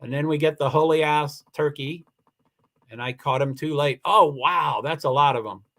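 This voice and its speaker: His fairly high voice comes out pushed and bright at a normal speed as this man hosts a livestream, answering comments from viewers. Emotional and close to tears, he rambles with frequent restarts in a casual chat. A computer mic records the live stream.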